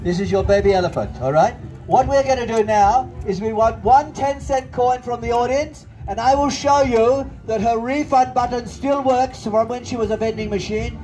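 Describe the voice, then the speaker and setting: High voiced guy doing a kids comedy show, bossy theatrical patter, faint music behind. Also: moderate pace, mellow. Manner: bossy, theatrical showman banter. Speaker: children's entertainer. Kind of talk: comic audience-participation patter. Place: outdoor festival stage.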